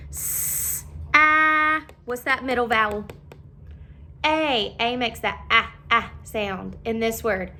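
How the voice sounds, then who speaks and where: A young woman teaching a phonics lesson to young children, asking coaxing questions in a slow, sing-song way. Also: high-pitched, sharp tone, a little hiss or hum.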